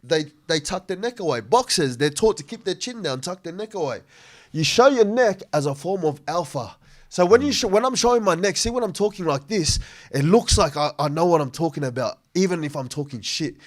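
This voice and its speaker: A man from Sydney, co-hosting a casual podcast and explaining speaking tips with animated examples. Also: a little high, fairly quick. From Sydney, Australia.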